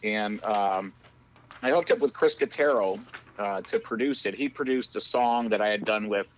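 A man in his fifties, a guest talking casually about his films and music in a rowdy, loud-mouthed, profane way. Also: on the low side, moderate pace, a little hiss or hum, poor audio. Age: 50s. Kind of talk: casual interview chat.

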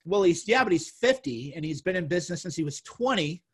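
A blunt, profane man hosting a casual podcast discussion. His voice is quite high for a man, and he talks with an indignant edge. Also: expressive, a little fast, husky.

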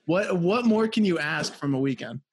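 A man's voice: fairly high pitch, animated, normal speed, husky. A young man co-hosting a podcast in laid-back, teasing casual chat. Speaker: podcast co-host.

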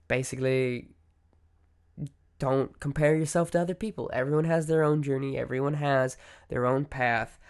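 A man's voice: mid-range voice, moderate pace, clear, resonant tone. A man hosting a solo podcast, talking through his thoughts in a reflective, conversational way, with many fillers and self-corrections. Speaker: podcast host. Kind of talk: solo podcast monologue on mental health.

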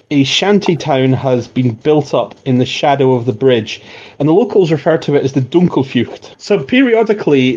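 A man narrating a tabletop role-playing game as game master, relaxed and rambling. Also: medium pitch, dull audio.

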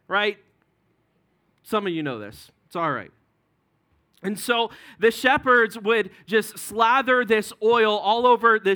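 A male pastor preaching a sermon to his congregation, with joking asides dropped quietly between points. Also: high-pitched. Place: church sanctuary.

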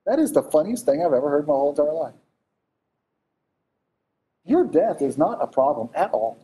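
A man preaching a sermon in a conversational, animated way, asking the listeners questions. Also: on the high side, normal speed.

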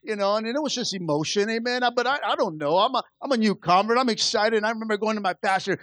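Male pastor preaching at a church service; high pitch, dry close sound, lively delivery that acts out voices. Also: quick pace, hardly any pauses, no room sound. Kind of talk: sermon.

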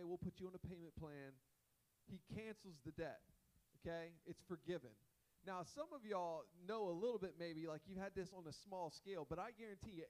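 A man's voice: sits high, darkish tone, poor audio. A man preaching a sermon in a loose, conversational way, full of fillers and asides. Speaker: pastor.

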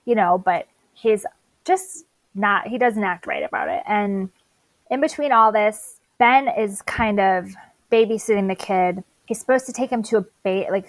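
A woman's voice: medium pitch, no room sound, poor audio. A woman co-hosting a casual podcast, recapping a TV episode in a chatty way and acting out bits of dialogue. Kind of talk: casual chat.

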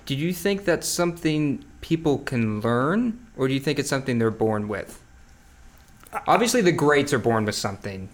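A man's voice: mid-range voice, expressive, normal speed. A man interviewing a guest, prompting him with questions and leading him into his stories.

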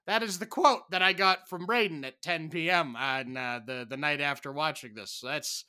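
A man co-hosting a podcast in casual chat, animated and given to exaggerated, dramatic outbursts. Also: on the high side, moderate pace, smooth. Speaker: podcast co-host.

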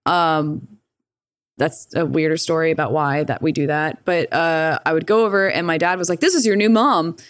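A woman's voice: low-pitched, fairly even intonation, normal speed, clean tone, no echo, studio quality. A woman telling a story in a casual, rambling way, swearing freely and acting out the voices she quotes. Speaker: guest.

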